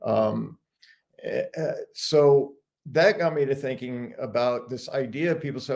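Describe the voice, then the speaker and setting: A man's voice: mid-range voice, measured pace, vocal fry, a little mellow. A man telling stories and sharing his thoughts in a casual live chat, laughing often. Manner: reflective storyteller, laughs often.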